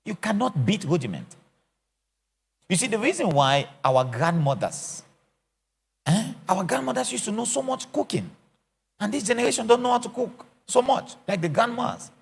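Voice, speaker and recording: A middle-aged man preaches like a showman, voice swooping high and low. His tone is rough and gravelly with a husky edge. He acts out little scenes and jokes through his teaching. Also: big pitch swings, moderate pace. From Africa. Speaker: apostle teaching a church session. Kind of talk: lively teaching sermon.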